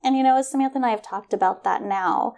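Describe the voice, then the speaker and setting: A middle-aged woman telling a personal story in conversation, animated and acting out the voices of others, often laughing. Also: fairly high pitch, fast. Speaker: guest.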